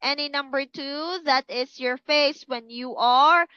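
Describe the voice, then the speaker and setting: A woman teaching English to young children, speaking slowly and clearly and encouraging them to repeat words. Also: high voice, pushed and bright, no echo, lo-fi sound. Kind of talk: online class for kids.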